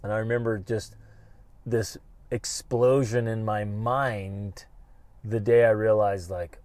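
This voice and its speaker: A middle-aged man hosting a podcast, giving an animated, emphatic motivational talk and acting out his own inner voice. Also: fairly low pitch, takes it slowly, no echo. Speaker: podcast host.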